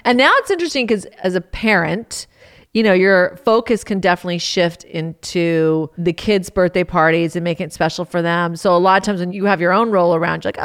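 Fast-talking, low-voiced woman co-host. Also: clean tone. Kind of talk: casual chat.

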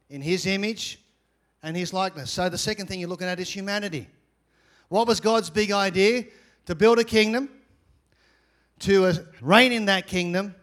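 An energetic pastor, high-pitched, delivers his sermon through repeated phrases while his volume rises and falls.

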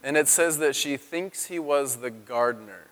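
A man in his thirties preaching a sermon as a pastor, telling the story in an animated way and acting out the quotes in a raised voice. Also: medium pitch, moderate pace. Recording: long hall reverb.

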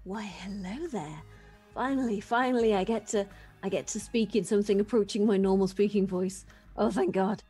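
A woman player chatting casually and in a relaxed way about her new character. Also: medium pitch, normal speed, breathy edge, faint music behind. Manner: relaxed, chatty, with light laughter. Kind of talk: casual chat.

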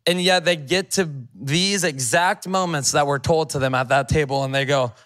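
A man's voice: fairly high pitch, moderate pace, fairly bright tone. A male pastor preaching a sermon, reading scripture aloud and commenting on it in a conversational, emphatic way.

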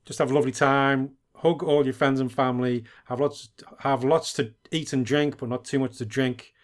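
A man's voice: steady tone, moderate pace. A man from the UK co-hosting a podcast, playful and jokey in casual banter. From United Kingdom. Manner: playful, jokey, swoops in pitch. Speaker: podcast co-host.

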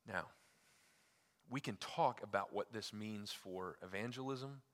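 A man's voice: on the low side, measured pace. Emphatic preacher man in a reverberant hall. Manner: emphatic preaching with wide swings in loudness, dropping to near-quiet for key lines; casual asides with fillers like "like" and "you know". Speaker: pastor. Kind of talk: sermon.

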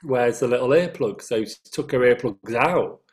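A man's voice: medium pitch, animated, normal speed. Chatty Northern English man telling anecdotes. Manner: chatty storyteller, laughs at his own anecdotes. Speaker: singer, interview guest. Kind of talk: casual anecdotal chat.

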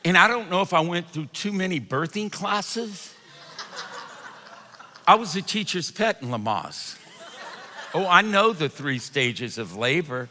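A man preaching with animated storytelling, laughing and rising to shouts. His voice is high and very bright, and a long reverb trails behind it in a large hall. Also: unhurried, long pauses. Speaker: pastor. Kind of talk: sermon.

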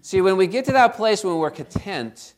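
A man's voice: high voice, expressive, normal speed. A middle-aged man preaching a conversational sermon, often checking in with "right?" and acting out the quotes he tells. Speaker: pastor.

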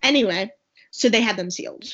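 Woman, casual podcast chat, rambling, lots of fillers, medium pitch, dull lo-fi audio. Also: brisk, a bit bright. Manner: rambling, many fillers and asides. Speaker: podcast co-host. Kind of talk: casual chat recapping a movie. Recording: dull lo-fi sound.

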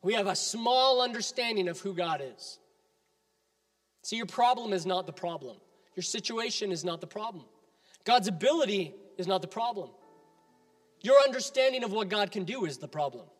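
A man's voice: sits high, animated, moderate pace, long reverb tail, faint music behind. A man preaching a sermon as pastor, emphatic and building with repeated appeals.

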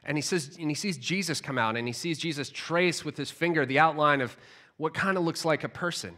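A man preaching a sermon with animated storytelling, often repeating words as he restarts. His voice is bright and forceful, a touch high for a man. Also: brisk. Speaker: pastor.

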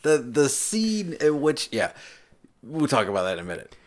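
Lively male co-host chiming in. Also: on the high side, moderate pace. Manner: brief wry interjections, chiming in. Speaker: podcast co-host. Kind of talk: casual movie review chat.

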